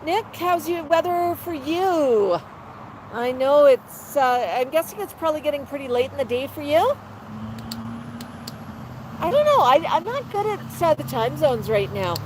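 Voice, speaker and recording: High-pitched woman, chatty livestream host, outdoor patio, faint traffic behind. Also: animated, unhurried, darkish tone, low-quality recording. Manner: chatty, laughing, talks to her bird. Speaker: livestream host with her parrot. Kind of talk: casual chat with joke telling. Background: faint street traffic.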